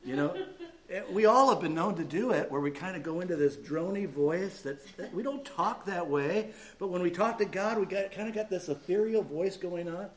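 A male pastor preaching a sermon, animated and conversational, dropping to quiet asides and rising to loud emphatic bursts. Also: sits high, moderate pace, hardly any pauses.

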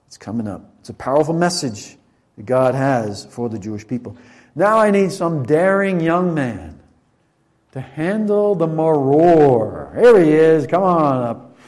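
Playful preacher man, mellow voice. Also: mid-range voice. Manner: playful, joking with volunteers. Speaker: preacher leading a Passover demonstration. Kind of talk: church teaching demonstration. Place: church sanctuary.

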